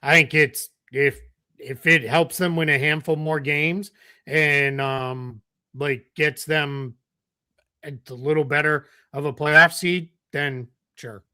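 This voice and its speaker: A man's voice: a little high, fairly even intonation, takes it slowly, pushed and bright, smooth, no room sound, clean studio sound. A man co-hosting a live basketball show who talks loosely, with lots of fillers. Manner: loose, filler-heavy talk. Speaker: podcast co-host. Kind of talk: live basketball analysis chat.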